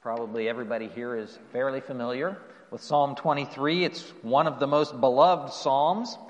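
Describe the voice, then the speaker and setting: A man's voice: medium pitch, normal speed. Preaching man in a reverberant hall. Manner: earnest preaching with rising questions and soft trailing endings. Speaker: pastor. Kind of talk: sermon.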